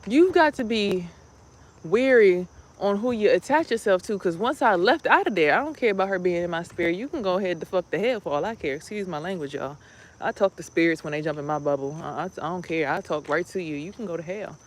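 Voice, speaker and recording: A woman's voice: fairly low pitch, expressive, a little fast. A woman vlogging as a spiritual healer, talking casually and rambling bluntly through her stories, with some swearing. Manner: blunt, profane, rambling storytelling.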